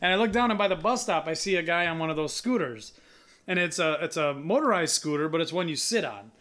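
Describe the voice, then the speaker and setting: A man with a high, bright voice tells a story in loose, casual chat. He swears constantly and laughs between lines. He is middle-aged and keeps an easy, profane rhythm. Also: animated, fast. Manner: profane, laughing, acts out quoted voices loudly.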